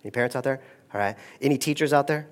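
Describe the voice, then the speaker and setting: A male pastor preaching a sermon, swinging between hushed, drawn-out phrases and loud, rising emphasis. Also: medium pitch.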